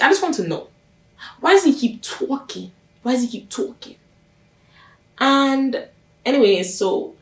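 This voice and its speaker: A woman hosting her own channel, recapping a TV series in a chatty, gossipy way and stressing her points by repeating them. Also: medium pitch. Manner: chatty, gossipy, emphatic with repetitions. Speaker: reaction channel host. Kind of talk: casual TV recap commentary. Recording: roomy sound from a distance off the mic.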